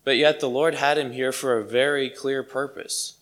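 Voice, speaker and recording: A man's voice: mid-range voice, fairly even intonation, normal speed, hardly any pauses, fairly bright tone. A man preaching a sermon to his congregation, earnest and emphatic, repeating key phrases for weight.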